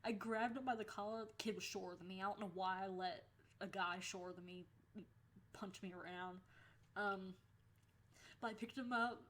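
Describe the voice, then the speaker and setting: A young woman with a mid-range voice tells a story straight to her audience in a casual vlog. She is lively and swears freely, and she breaks into the voices of the people she quotes. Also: mid-range voice, moderate pace, long pauses. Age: young adult. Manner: animated, swears freely, acts out quoted lines. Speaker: vlogger.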